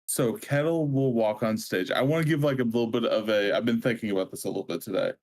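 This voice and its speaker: A man's voice: medium pitch, quick pace, darkish tone. Chatty male player in a casual tabletop game, mid-range voice. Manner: chatty, laughs while describing his character.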